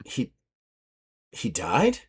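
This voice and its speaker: A man's voice: mid-range voice, huge pitch swings, very slow, husky, full character voice. A man voicing a loyal female first mate who asks urgent, alarmed questions in a raised voice. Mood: stunned.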